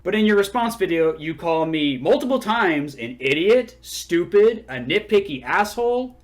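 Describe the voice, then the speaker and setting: A man's voice: sits high, lively intonation, normal speed. A man hosting his own channel, delivering an angry, sarcastic, profanity-laced response to a critic. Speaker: channel host. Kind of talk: angry response-video commentary.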